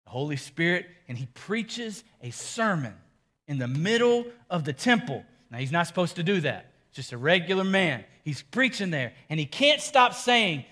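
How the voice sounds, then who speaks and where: A pastor preaching a sermon, telling the story in a casual, animated way with emphatic repetition. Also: male voice, fairly high pitch, moderate pace.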